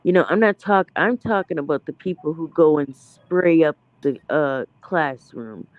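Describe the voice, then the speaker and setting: A man's voice: a little high, a little slow, dry recording. A man in a casual debate, hedging and restarting as he explains what he means. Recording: dry, phone-like sound.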